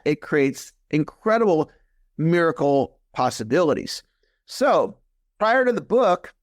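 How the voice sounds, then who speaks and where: An earnest man in his fifties speaks as a guest in a conversational interview, with a somewhat high voice. His sound is dry and close, with no room around it. He repeats his key points and grows animated when he retells a scene. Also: no room sound. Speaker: podcast guest, coach.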